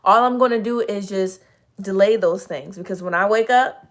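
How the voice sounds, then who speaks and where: A woman hosting a relaxed motivational livestream, speaking in an easy, chatty way to her viewers. Her voice is slightly hoarse and sits at a middle pitch. She encourages the audience earnestly and breaks off to greet people by name. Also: moderate pace. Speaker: livestream host. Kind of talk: casual motivational livestream talk.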